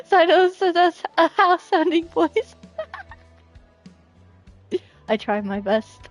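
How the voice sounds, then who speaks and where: A woman livestreaming a game, chatting with her viewers and laughing often. Her voice sits high and she talks at an unhurried pace. Faint game music plays behind her. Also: sing-song. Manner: giggly, laughs often, reads chat aloud. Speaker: game streamer. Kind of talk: casual live commentary.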